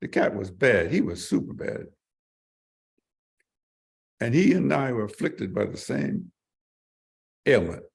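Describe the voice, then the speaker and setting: Gravelly-voiced older man telling stories. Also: mid-range voice, slow pace, long pauses. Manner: animated, vivid storyteller who acts out quotes. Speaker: interview guest. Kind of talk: storytelling in an interview.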